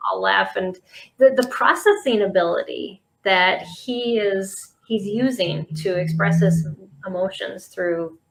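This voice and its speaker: A woman's voice: medium pitch, measured pace, gravelly, poor audio. A woman hosting a podcast interview, speaking reflectively with frequent restarts and fillers. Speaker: podcast host. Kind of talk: casual interview conversation.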